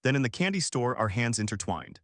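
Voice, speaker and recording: A man narrating a first-person love story in a steady, earnest way. His voice sits at a middle pitch. The recording is close and dry, with no room sound. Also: brisk, no echo.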